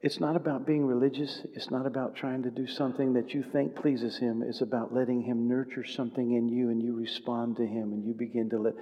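A man's voice: mid-range voice, level tone, a little fast, hardly any pauses, muffled recording. A married man preaching a sermon to his congregation, conversational at times and building to passionate exhortation. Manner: impassioned, building to loud exhortation; conversational, with repeated calls to the congregation. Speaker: pastor. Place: church sanctuary. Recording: long hall reverb.

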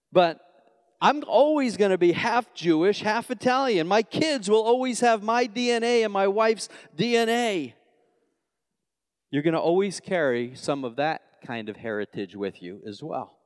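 A man from Long Island preaches in a large hall with a long reverb. His fairly high voice jumps between loud, emphatic bursts and hushed, low asides. He often stumbles and restarts as he pushes through his points. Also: a little slow, long pauses. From New York, Long Island. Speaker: pastor. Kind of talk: sermon.

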